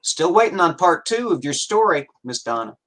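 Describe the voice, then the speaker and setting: Guy hosting a livestream, friendly, slightly high voice, says hi to chat. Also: sing-song, normal speed, fairly bright tone, slight background noise. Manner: friendly, greets chat by name. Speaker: host. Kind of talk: livestream talk show hosting.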